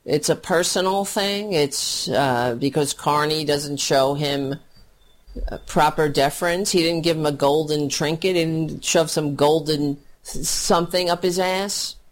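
A man's voice: fairly high pitch, a little slow. A man ranting at length about politics, angry, mocking and profane, as a solo commentator.

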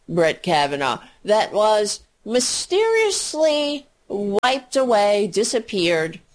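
A woman hosting political talk radio in a fiery, cursing rant. She speaks slowly and deliberately, with a mid-range voice, heavy on sarcasm and indignation. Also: mid-range voice. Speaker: fill-in radio talk host.

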